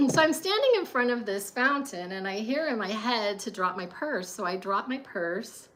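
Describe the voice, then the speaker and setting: Woman, fairly high voice, chatty personal monologue, filler words, frequent laughs. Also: animated, a little slow, a bit bright. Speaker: storyteller.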